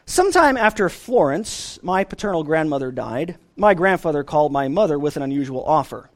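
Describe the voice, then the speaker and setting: A man's voice: on the high side, sing-song, brisk. A man preaching a sermon as pastor, earnest and emphatic.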